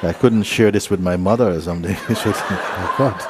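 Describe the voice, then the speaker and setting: A middle-aged man, a spiritual teacher, giving a gentle, chuckling storytelling talk to a retreat group, often asking "you see?". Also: low-pitched, brisk, heavy background noise. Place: retreat meeting room.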